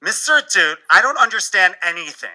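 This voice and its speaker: Man playing a hesitant whiny schoolgirl, raised pitch, bright tone. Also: very animated, fairly quick, full character voice, rough recording. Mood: confused. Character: confused teenage schoolgirl.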